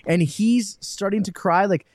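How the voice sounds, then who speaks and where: Animated man hosting a casual chat. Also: high voice, unhurried, a crowd in the background. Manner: animated, self-mocking storyteller. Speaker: podcast host.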